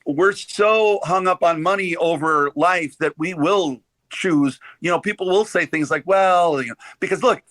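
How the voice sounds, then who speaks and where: A man hosting a casual discussion, telling animated stories and acting out quoted dialogue. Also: high voice, unhurried, few pauses, no room sound. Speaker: host.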